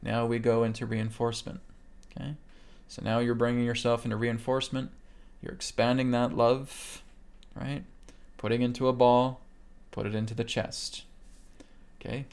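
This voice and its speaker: A man with a gravelly voice leads a live online lesson, steadily talking listeners through breath work. He speaks in an even, flat tone and keeps checking in with "okay?" as he guides them step by step. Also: mid-range voice. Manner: calm guiding delivery, keeps checking in with "okay?". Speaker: meditation instructor. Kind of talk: live webcast teaching a healing technique.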